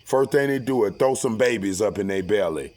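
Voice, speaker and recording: A man's voice: on the low side, expressive, a little fast, darkish tone, poor audio. A man in a casual, profane monologue, rambling and preachy with heavy slang. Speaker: vlogger.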